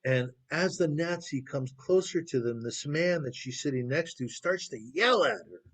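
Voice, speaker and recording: A man teaches by telling stories in a relaxed, conversational way. He keeps putting questions to his listeners. The sound comes through a video call. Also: fairly high pitch, moderate pace. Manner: conversational, asks the audience questions. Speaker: lecturer. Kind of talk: storytelling lecture.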